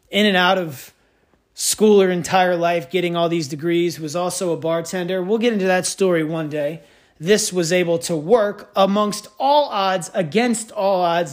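Guy rambling on his podcast, kinda high voice, jokey and self-mocking. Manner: rambling, wry, self-mocking storyteller with big pitch swings. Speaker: podcast host. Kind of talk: casual monologue.

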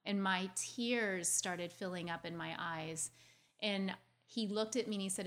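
A woman's voice: mid-range voice, fairly bright tone. Earnest woman telling her story. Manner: earnest, quick and confiding, with restarts. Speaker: speaker sharing a personal story. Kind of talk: heartfelt personal storytelling.

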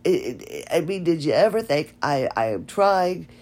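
A woman's voice: sits low, expressive, normal speed, darkish tone. A woman hosting her own podcast, talking casually with a nasal voice and a chatty, rambling, self-laughing manner. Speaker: podcast host. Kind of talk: casual solo podcast talk.

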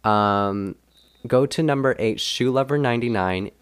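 A man's voice: medium pitch, measured pace, clean tone, dry recording. Podcast co-host, man, casual and rambling, mid-range voice. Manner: bubbly, rambling, self-deprecating. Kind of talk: casual chat.

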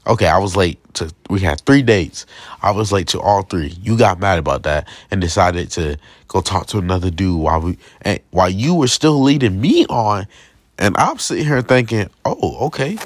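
Deep-voiced and speaking at normal speed, a young man rants casually to camera in a slangy, repetitive, aggrieved vlog, repeatedly checking in with "you feel me." There's no room sound.

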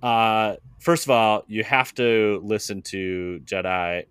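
A man who is a guest on a casual podcast, starting his answers hesitantly and talking in a relaxed way. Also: lowish voice, takes it slowly, smooth, no echo, clean studio sound.

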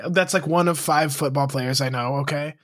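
A man's voice: a little high, steady tone, a bit bright, no room sound, clean studio sound. A young man co-hosting a casual podcast, joking, laughing often and acting out quoted lines. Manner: jokey, quick to laugh, acts out quotes. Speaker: podcast co-host.

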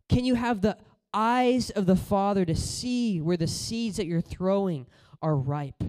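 High, smooth-voiced male preacher. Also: a little slow, few pauses. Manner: casual, conversational preaching with storytelling; voice rises and falls between loud exhortation and quiet storytelling. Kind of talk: sermon.

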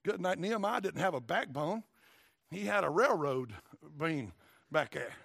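A man with a Tennessee accent preaching a sermon in a folksy, emphatic way, dropping low for asides and rising to shouts. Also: animated, measured pace, vocal fry, husky, no room sound. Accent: Southern US, Tennessee.

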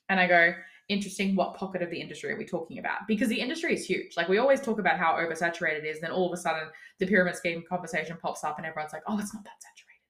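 Candid, cheeky woman coach with a lowish voice. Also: a bit bright. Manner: candid, cheeky, laughs often while talking; emphatic, swears casually. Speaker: business coach and podcast host. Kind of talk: casual solo podcast monologue.

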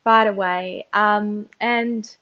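A woman's voice: medium pitch, steady tone, extremely slow, fairly bright tone, clear, resonant tone. Russian-born Australian woman, lo-fi sound. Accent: Australian with a slight posh tinge. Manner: chatty, laughs between phrases. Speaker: guest, pageant finalist. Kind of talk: casual interview conversation. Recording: dull lo-fi sound.

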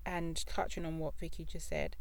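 A woman's voice: deep voice, moderate pace, dry recording. A woman co-hosting a casual podcast, telling stories with animation and acting out what others said. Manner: animated storytelling, acts out quoted voices. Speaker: podcast co-host. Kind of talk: casual chat.

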